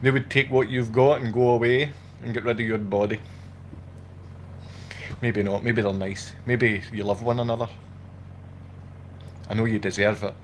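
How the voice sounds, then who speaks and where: A man's voice: medium pitch, fairly even intonation, normal speed, long pauses, slight background noise. A man at home, speaking in an impassioned, agitated livestream monologue and repeating himself as he rants. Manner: agitated, repetitive, ranting. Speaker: vlogger. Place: at home indoors.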